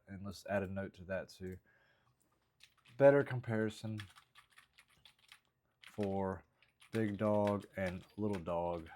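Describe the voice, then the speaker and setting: A man comedian casually thinking out loud about his jokes, rambling with plenty of hesitant fillers. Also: mid-range voice. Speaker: stand-up comedian writing jokes. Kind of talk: casual vlog thinking aloud.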